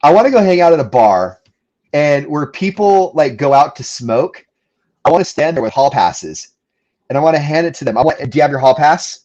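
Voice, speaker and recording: A man's voice: a little high, lively intonation, normal speed, a little mellow, muffled recording. A man co-hosting a casual live stream, joking playfully with his co-host.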